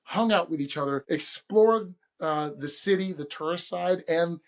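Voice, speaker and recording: A man hosting a podcast, telling a story in a casual, animated way and acting out the quoted voices. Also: on the high side, measured pace. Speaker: podcast host.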